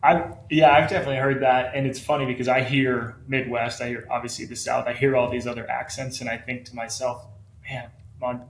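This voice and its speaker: A man's voice: mid-range voice, little pitch movement, fast talker, creaky, few pauses. A man from Montana, a podcast guest, laughing and self-deprecating in casual chat. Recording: roomy with faint hiss.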